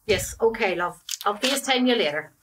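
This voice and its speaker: A woman plays a chatty middle-aged mum with a Belfast accent, gossiping away. Her pitch sits in an ordinary middle range but rises and falls in a very lively way. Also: a little fast, a little hiss or hum, natural voice. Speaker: mother and wife. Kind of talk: comedy drama acting.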